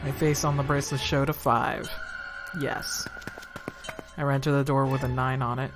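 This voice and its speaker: A man's voice: medium pitch, flat delivery, moderate pace, over music. A male streamer on a live game stream, reading the game's narration aloud, with casual, swearing, joking asides.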